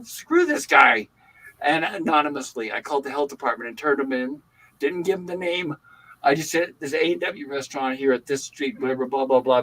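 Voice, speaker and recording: An older man hosting a livestream, chatting casually and telling animated stories. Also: a little high, breathy edge, rough recording. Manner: animated storytelling. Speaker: livestream host. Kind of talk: casual chat.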